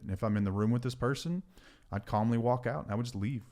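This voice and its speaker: A man's voice: mid-range voice, fast talker, darkish tone. A man co-hosting a podcast, talking earnestly with joking asides. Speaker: podcast co-host. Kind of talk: casual chat.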